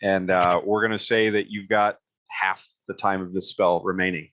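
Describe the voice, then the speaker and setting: A man's voice: deep voice, level tone, normal speed, a bit bright, dry recording. A man running a tabletop game as game master, easygoing, with frequent chuckles and "uh"s. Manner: easygoing, chuckles often, many "uh"s. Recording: dull lo-fi audio.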